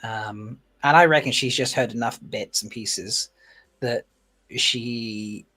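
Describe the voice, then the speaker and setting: A man from Essex, hosting a relaxed chat with a mid-range voice. He talks in a lively way, laughs often and slips into quick voices for the people he quotes. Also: mid-range voice. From Essex, England. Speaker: host. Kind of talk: casual chat.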